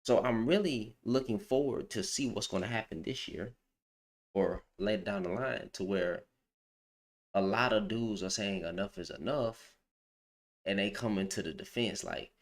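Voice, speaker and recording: A man's voice: lowish voice, normal speed. A man giving a heated, opinionated rant on a livestream, with slangy speech, who repeats phrases for emphasis. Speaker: livestream commentator.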